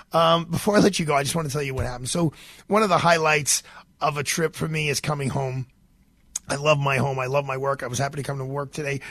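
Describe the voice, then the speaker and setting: Middle-aged radio host guy rambling thru a story, fairly high voice, dry close studio mic. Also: a bit bright, no echo. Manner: chatty storytelling with fillers and restarts. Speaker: radio talk show host. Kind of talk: casual radio monologue. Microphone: studio microphone.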